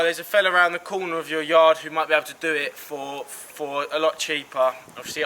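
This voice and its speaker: Car vlogger, young, sweary rant to camera, slightly high voice. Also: male voice, pushed and bright, slight background noise, poor audio. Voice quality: sweary, exasperated.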